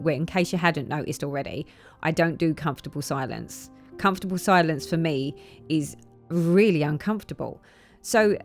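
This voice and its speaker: A woman vlogging, chatting casually and acting out quotes as she retells a story. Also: deep voice. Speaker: flosstube vlogger. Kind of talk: casual chat to camera.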